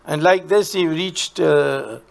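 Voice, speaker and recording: A man with an Indian accent, an interview guest explaining history in a measured, halting way with frequent pauses. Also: on the high side, creaky. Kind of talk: lecture-like explanation.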